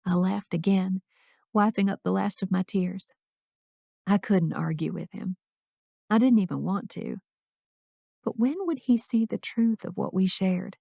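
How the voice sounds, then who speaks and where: A woman's voice: mid-range voice, measured pace, creaky, long pauses, mellow, no room sound, clean studio sound. A woman narrating a first-person romance audiobook in an intimate, emotional reading.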